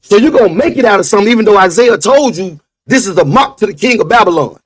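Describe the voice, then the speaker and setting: Emphatic high-voiced man preaching his point. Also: lively intonation, fast talker, slightly rough, no room sound. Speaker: podcast co-host. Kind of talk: casual religious discussion.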